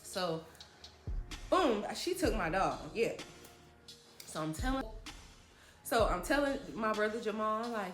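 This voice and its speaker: A woman's voice: medium pitch, lively intonation, moderate pace, reverberant, faint music behind. A young woman telling a story in a dramatic, chatty, slangy way, often addressing viewers directly. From New Jersey. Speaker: storytime vlogger. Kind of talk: animated storytelling.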